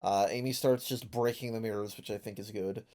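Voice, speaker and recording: A man's voice: lowish voice, steady tone, fairly quick, warm tone. A man hosting a casual comic review chat, rambling and joking with fillers and swearing. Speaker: podcast host.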